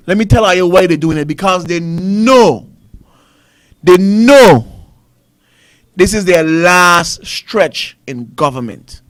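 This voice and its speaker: Male Caribbean talk host, very high bright voice, heated ranting commentary. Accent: Caribbean English. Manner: ranting, repetitive, rhetorical questions. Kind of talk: fiery political commentary.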